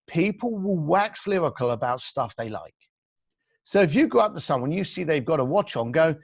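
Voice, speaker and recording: A man's voice: on the high side, very animated, normal speed, creaky, breathy edge, no room sound, studio quality. A man being interviewed on a podcast, telling stories and giving blunt advice while acting out quoted dialogue. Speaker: entrepreneur guest. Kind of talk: animated storytelling advice.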